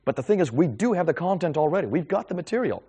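A middle-aged man lectures fast to a live group, his voice swooping up and down as he tells stories. He talks in an animated way, with quick restarts and repetitions. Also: fairly high pitch, husky. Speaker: Christian speaker taking audience questions. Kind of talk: lecture with audience Q&A.

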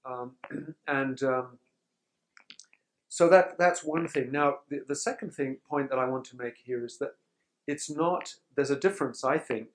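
Man, sermon-style conference talk, measured, reflective, mid-pitched, throat clearing. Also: slight background noise, low-quality recording. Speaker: speaker teaching pastors on forgiveness.

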